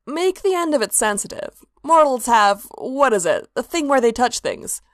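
A woman's voice: high voice, expressive, moderate pace, no room sound, clean studio sound, pitched above the performer's own voice. A woman voicing a bold, teasing female goddess with a casual, cheerful manner. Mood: cheeky.

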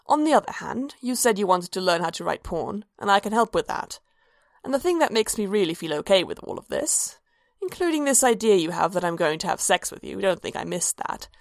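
A woman's voice: mid-range voice, creaky, no room sound. A woman voicing a shrewd, dazed young elf woman with a dry, wry manner, recorded dry and close.

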